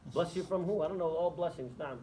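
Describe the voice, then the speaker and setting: A man's voice: a little high, fairly quick, mellow, a little hiss or hum, poor audio. A man giving an Islamic lecture to students, talking conversationally and asking the audience rhetorical questions, then taking questions. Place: lecture room.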